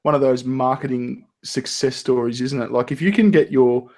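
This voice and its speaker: A man's voice: mid-range voice, fairly even intonation, moderate pace, darkish tone. An Australian man hosting a casual live-stream chat, swearing freely and stumbling through restarts. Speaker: podcast host.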